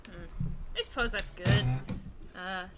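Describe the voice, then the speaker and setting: A woman's voice: fairly low pitch, expressive, takes it slowly, faint music behind, pitched below the performer's own voice. A woman playing an awkward, friendly woman who hesitantly tries to make small talk.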